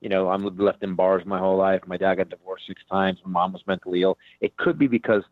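A man's voice: low-pitched, fairly even intonation, fast, no room sound. A man, a comedian, talking frankly and rambling in a casual interview, full of "dude" and "man". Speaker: comedian guest. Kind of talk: casual radio interview over the phone. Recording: tinny phone line.

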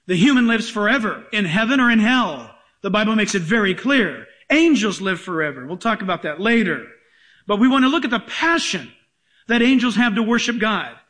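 A man's voice: high voice, very animated, moderate pace, a bit bright. A male pastor preaching a sermon to a congregation, emphatic and joking with the room.

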